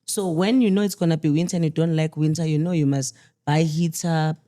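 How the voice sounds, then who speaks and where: Woman, low, mellow voice; grieving mother in interview, candid and halting. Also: fairly even intonation. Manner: candid, halting, with restarts and quoted dialogue. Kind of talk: emotional personal storytelling.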